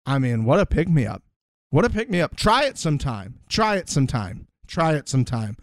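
A man's voice: normal speed, background noise. A man co-hosting a casual reality show recap podcast, acting out other people's lines in mock voices. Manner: animated, swings pitch for mock quotes. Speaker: podcast co-host.

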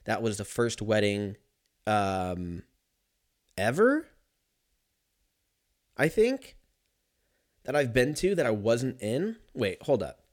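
Casting: young male podcast host, low-pitched, profane, rambling solo chat. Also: sing-song, takes it slowly, pauses often.

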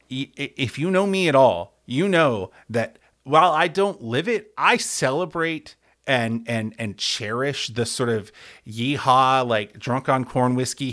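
Male sports podcast host, animated and profane, rambles and stammers, mid-pitched voice. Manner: heavy swearing, hyperbolic. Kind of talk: profane comedic sports rant.

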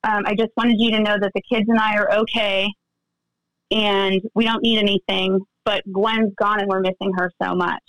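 A woman's voice: mid-range voice, moderate pace, no echo, low-quality recording. A woman telling a personal story in a casual interview, acting out the lines of the people in it. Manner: animated, acts out quoted dialogue. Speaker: guest, friend recounting events.

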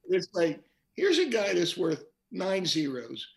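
Male pastor guest, slightly high voice, animated preacher-style storytelling in conversation. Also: measured pace, gravelly. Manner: animated storyteller, repeats words while quoting scripture.

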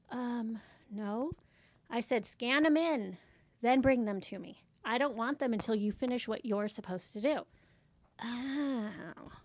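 Front desk woman, blunt and exasperated, fairly high voice, dry close sound. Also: a bit bright, no room sound. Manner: blunt, exasperated storytelling acting out dialogue. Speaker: medical office front desk worker. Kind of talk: casual chat.

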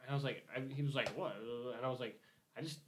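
A young man with a mid-range voice talks fast while telling a long work story in casual chat, with a little hiss or hum in the audio. He rambles, swears a lot and acts out both sides of the argument.

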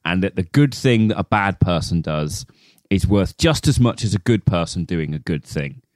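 A young man chats about a film with a lively, up-and-down delivery. He laughs often and swears casually. The sound is dry and close. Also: deep voice, moderate pace, no room sound. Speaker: podcast co-host.

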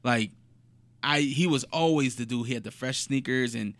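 A man from Portland with a mid-range voice, recorded close and dry with no room sound. He talks in a relaxed, slangy way and takes his time with a story. It sounds like easygoing podcast conversation. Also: medium pitch, dry recording. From Portland, USA. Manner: laid-back and slangy, unhurried storytelling. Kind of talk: casual chat.

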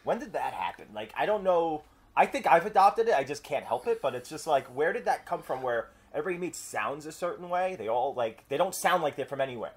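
A man's voice: a little high, expressive, brisk. A man with a New York accent, chatting casually in a brash, profane, joking way. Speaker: podcast guest, filmmaker. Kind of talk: casual chat.

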